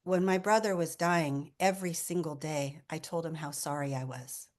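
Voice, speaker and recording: A woman's voice: low voice, steady tone, moderate pace, darkish tone. A woman in her fifties, a hospice nurse, telling her own grief story in an earnest, emotional way, often restarting sentences and dropping to a near whisper. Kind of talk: personal talk on grief.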